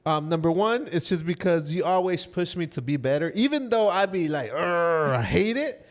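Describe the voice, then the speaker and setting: A man's voice: on the high side, brisk. Tipsy man, casual podcast chat. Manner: relaxed, joking, code-switching with slang. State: tipsy from shots. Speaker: podcast co-host.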